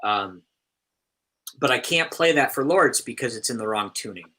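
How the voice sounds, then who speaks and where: Bright-voiced man chatting casually. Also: mid-range voice, lively intonation, normal speed. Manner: rambling, self-correcting, many fillers. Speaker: band member on a live stream. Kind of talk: casual chat.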